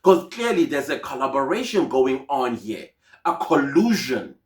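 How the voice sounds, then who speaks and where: A man's voice: medium pitch, sing-song, moderate pace, a little mellow. A South African man giving casual, indignant commentary on a court case, mixing in Zulu phrases. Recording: echoey room.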